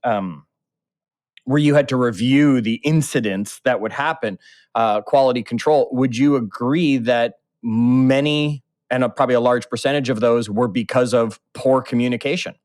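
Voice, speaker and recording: A male podcast host with an average-pitched voice, recorded close and dry with no room sound. He is eager and talks straight to the audience, summing up what his guest says. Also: moderate pace, a little mellow, dry recording. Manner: enthusiastic, talks straight to listeners. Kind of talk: conversational interview.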